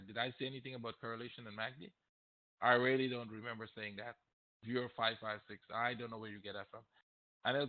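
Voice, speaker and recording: A man teaching trading on a live question-and-answer stream, blunt and emphatic, repeating his points and getting heated. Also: mid-range voice. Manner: blunt, emphatic, repeats himself, gets heated and loud at times. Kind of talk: live Q&A webinar. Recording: tinny phone-like audio.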